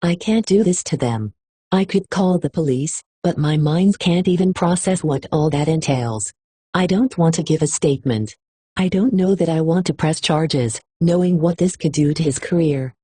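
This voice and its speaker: Reading a first-person novel aloud with emotional expression, this female audiobook narrator speaks at a moderate pace. Her low voice has a dark, slightly rough tone, captured in a dry recording.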